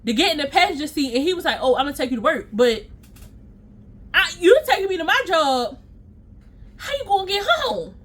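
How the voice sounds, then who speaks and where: A young adult woman, casually telling a storytime vlog, animated and slangy, laughing at herself. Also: high-pitched, fast talker. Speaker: storytime vlogger.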